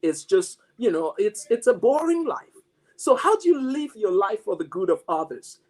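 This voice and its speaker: A man's voice: sits high, very animated, normal speed, darkish tone. Reflective male mathematics professor. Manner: reflective, storytelling, frequent restarts. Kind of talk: motivational talk.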